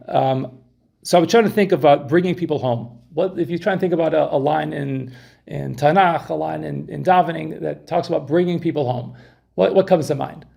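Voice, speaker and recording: A man's voice: on the high side, gravelly, a little mellow. A man giving an informal Torah talk to a group, chatting and putting questions to his listeners. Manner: conversational, questions the audience, many restarts. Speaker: Torah class speaker.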